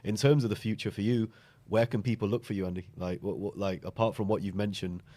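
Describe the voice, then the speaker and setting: A man's voice: fairly low pitch, fairly even intonation, fast talker, mellow. Chatty upbeat male podcast host. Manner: chatty, upbeat, lots of fillers and repeats. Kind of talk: casual video interview.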